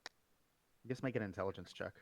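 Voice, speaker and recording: A man runs a tabletop game in a casual, rambling manner. His voice is mid-pitched, and the sound is dry and close to the mic. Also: normal speed, no echo. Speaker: game master.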